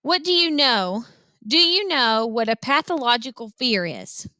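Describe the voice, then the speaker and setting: A woman's voice: on the high side, animated, unhurried, bright, forceful tone, dry recording. A woman voicing a bewildered kindly preacher. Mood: puzzled. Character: bewildered kindly small-town preacher, middle-aged man. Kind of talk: reading a novel aloud to students.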